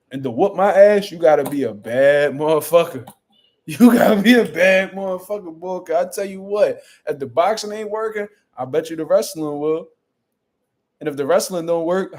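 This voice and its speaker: Brash, profane man, slightly high voice. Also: a little mellow. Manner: profane, boastful, rambling storytelling. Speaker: boxing channel host. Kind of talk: casual livestream chat.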